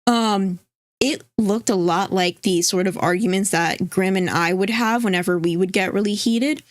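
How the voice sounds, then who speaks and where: A woman's voice: medium pitch, moderate pace, no echo, studio quality. A woman co-hosting a casual livestream, rambling, reading chat aloud and swearing casually. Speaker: stream co-host.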